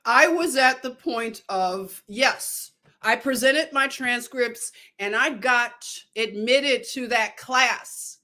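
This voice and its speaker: Chatty Philly woman, slow and digressive. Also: fairly high pitch, bright, forceful tone. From Northeast Philadelphia. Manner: chatty, digressive, loses her thread. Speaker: nurse livestreamer. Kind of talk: casual livestream storytelling.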